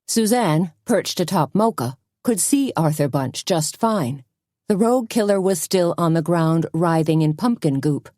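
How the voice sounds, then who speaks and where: A woman's voice: fairly low pitch, warm tone, no room sound, studio quality. Woman narrating a cozy mystery. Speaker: audiobook narrator. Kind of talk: scripted narration.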